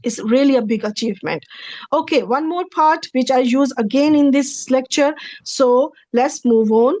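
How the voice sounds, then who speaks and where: A woman's voice: high voice, normal speed, darkish tone. Woman teaching over slides. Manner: patient, repeats and rephrases points, checks in with "okay". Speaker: Arabic grammar teacher. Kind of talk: recorded slide lecture.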